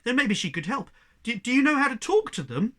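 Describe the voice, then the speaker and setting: A man's voice: very high-pitched, sing-song, a little fast, bright, forceful tone, voice pushed up, exaggerated voice. A man voicing an earnest, anxious young male pet cat who talks eagerly and a bit flustered. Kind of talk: audiobook character reading.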